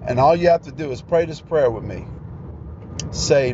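A man's voice: mid-range voice, animated, normal speed, pauses often. A man preaching a podcast sermon in an earnest, plain-spoken way. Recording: dull lo-fi sound, faint outdoor traffic noise.

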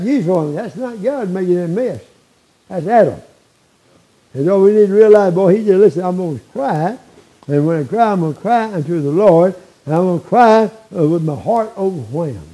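A man's voice: high voice, warm tone, rough recording. A man in his eighties preaching a sermon in a folksy way, often checking in with "all right?" and chuckling between lines. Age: 80s. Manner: folksy, frequent tag questions like "all right?".

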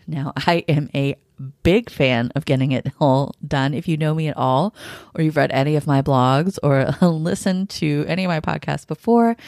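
A woman hosting a solo podcast, talking candidly and gently, laughing often as she reflects. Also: sits low, creaky, dry recording, clean studio sound. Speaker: podcast host.

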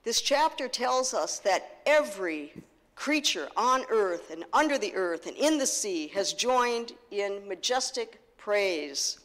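A woman pastor preaching a sermon, slow and earnest, driving points home with repetition. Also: medium pitch, lively intonation, fairly bright tone. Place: church sanctuary. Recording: long reverb of a church hall.

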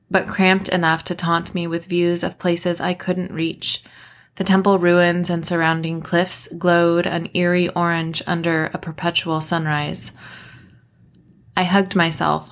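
Audiobook narration, woman author, deliberate delivery, lowish voice, slow pace. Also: vocal fry. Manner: measured, deliberate first-person reading. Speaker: author reading her novel.

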